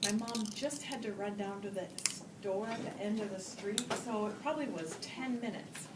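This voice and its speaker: At a Toastmasters meeting, a woman gives a storytelling speech at a moderate pace in a medium-pitched voice. She acts out voices and laughs often, recorded from far away in a roomy, noisy hall.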